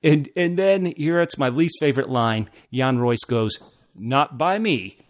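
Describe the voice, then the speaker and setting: A man co-hosting a casual fan discussion show, animated and laughing often, restarting his phrases as he talks. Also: medium pitch, unhurried, no echo, clean studio sound. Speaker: podcast co-host.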